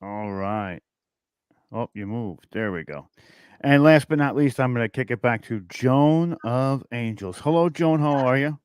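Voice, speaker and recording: A man hosts an online conference over a video call, talking in a chatty and effusive way. His voice is smooth and resonant. The sound is close and dry. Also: medium pitch, expressive, measured pace, no echo. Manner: effusive and chatty, frequent "you know". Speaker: conference host. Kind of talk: casual online conference chat. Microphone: video call mic.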